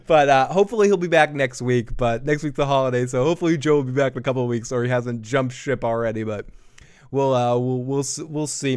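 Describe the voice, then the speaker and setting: A man's voice: mid-range voice, clean tone. A man hosting a live TV episode review, chatty and rambling, swearing freely and laughing often. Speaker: host of a TV review show.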